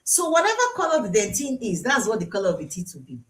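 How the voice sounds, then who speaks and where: A woman's voice: medium pitch, big pitch swings, fast. A Nigerian woman dentist hosting a live-streamed health talk, chatty and teasing, who repeats her key points for emphasis. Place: dental clinic.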